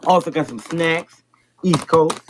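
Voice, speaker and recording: A man doing an exaggerated Boston accent as a loud beer-ad pitchman, heard in a noisy clip. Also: a little slow, lightly acted. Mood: hyped pitch. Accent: Boston put-on.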